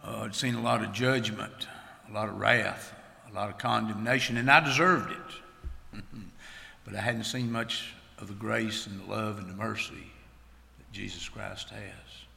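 A man giving an earnest, plain-spoken church testimony, halting now and then. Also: lowish voice, steady tone, vocal fry, pushed and bright. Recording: long hall reverb.

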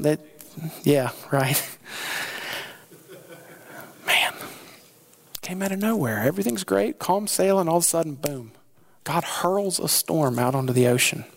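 A man preaching a sermon, animated, acting out the sailors' lines with sudden jumps in pitch and volume and laughing as he talks. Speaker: pastor.

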